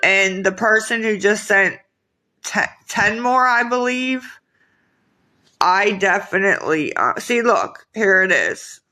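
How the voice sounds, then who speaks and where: A woman chatting on a live stream, reading viewers' comments and asking for donations, weary and sighing, with halting restarts. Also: medium pitch, sharp tone, poor audio.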